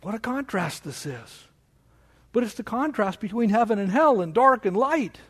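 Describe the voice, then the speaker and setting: A man preaching a sermon as pastor of his church, with animated delivery that mocks objections in a raised voice. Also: normal speed, slightly rough. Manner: animated preaching, mocking quoted objections in a higher voice.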